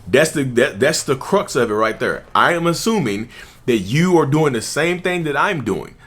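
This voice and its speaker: A man's voice: mid-range voice, sing-song, moderate pace, a bit bright. A man hosting his own channel, talking casually with emphatic repetition and occasional chuckles. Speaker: channel host, self-described narcissist. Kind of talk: casual talking-head commentary.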